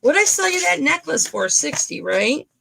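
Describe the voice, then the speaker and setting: A woman's voice: high voice, sing-song, moderate pace, creaky, noisy background. A woman hosting a live-streamed jewelry auction, chatting casually with viewers by name as she shows and sells pieces.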